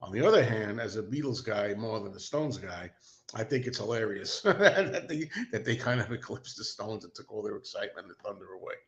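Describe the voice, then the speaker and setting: A man's voice: on the low side, expressive, fairly quick. A man hosting a casual livestream, rambling and self-deprecating, talking as an enthusiastic fan. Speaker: host.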